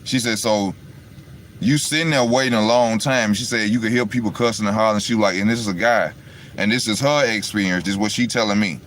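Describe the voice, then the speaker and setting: A man's voice: fairly low pitch, brisk, a bit bright, slight background noise. A man talking casually to his viewers through his phone and retelling a story in a loose, rambling way, often asking "you know what I'm saying". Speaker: vlogger. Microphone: phone on charge.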